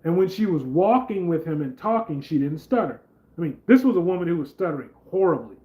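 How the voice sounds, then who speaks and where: A man's voice: fairly high pitch, sing-song, fairly quick, muffled recording. A man hosting a casual political commentary vlog, talking in a rambling, conversational way with lots of fillers. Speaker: channel host.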